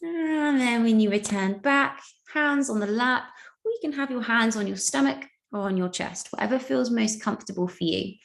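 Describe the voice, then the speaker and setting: A woman teaching a guided breathing practice, talking calmly and counting out each breath. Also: a little high, gravelly. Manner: slow, calm, counting out breaths.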